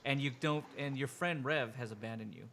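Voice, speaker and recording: A man narrating as game master of a tabletop role-playing game, animated and jumping into quick voices for the people in the scene. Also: medium pitch.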